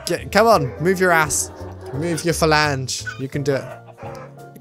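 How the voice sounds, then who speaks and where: A gamer giving excitable, self-mocking commentary on a let's play. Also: medium pitch, a little slow, over music. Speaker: gaming YouTuber.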